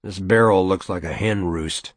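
A man voicing a weary, gruff rural father in a story reading, plain and offhand. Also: low-pitched, moderate pace, no room sound. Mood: wry.

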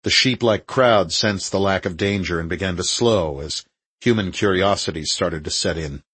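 Deep husky male audiobook narrator. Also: fairly bright tone, dry recording, poor audio. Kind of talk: scripted thriller narration.

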